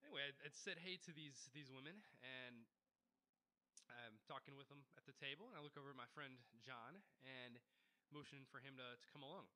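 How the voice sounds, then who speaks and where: Bright, animated male storyteller. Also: mid-range voice, fairly quick. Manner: animated, laughing, sprinkles Spanish words. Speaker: podcast guest. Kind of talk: casual storytelling chat.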